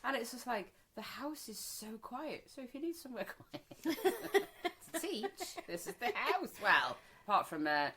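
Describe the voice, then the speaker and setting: A woman's voice: on the high side, big pitch swings, moderate pace, bright, forceful tone, low-quality recording. A woman in her forties from the Wirral, co-hosting a casual chat podcast, talking freely, swearing and acting out bits of dialogue. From the Wirral, England. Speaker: podcast co-host.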